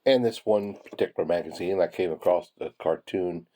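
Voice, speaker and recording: Sorting through pennies, this hobbyist hoarder tells casual, rambling stories and chuckles along the way. He has a low, mellow voice and talks a little fast.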